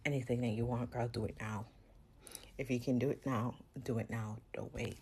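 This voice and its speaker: Very low-voiced woman telling a story. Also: fairly even intonation, moderate pace, mellow, a little hiss or hum. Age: 30s. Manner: candid, reflective storytelling. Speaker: vlogger. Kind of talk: casual story time.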